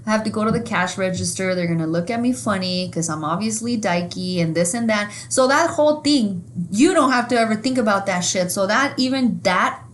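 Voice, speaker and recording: A woman co-hosting a podcast, telling stories in a casual, profane, animated way. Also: medium pitch, a little fast, hardly any pauses. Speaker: podcast co-host. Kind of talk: casual chat.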